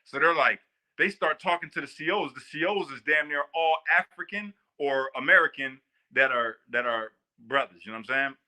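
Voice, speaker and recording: A man from Northwest Indiana telling a story casually, animated and full of slang. His voice is quite bright and sits a little high for a man. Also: moderate pace. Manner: animated, slangy, laughs often. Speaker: guest storyteller.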